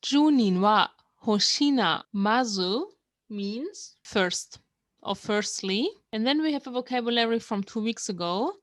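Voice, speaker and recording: A German woman, whose first language is German, speaks slowly in a fairly high, expressive voice on a dry recording. As a language learner teaching viewers, she gives a patient, explanatory lesson, going through words one by one and reading lines aloud.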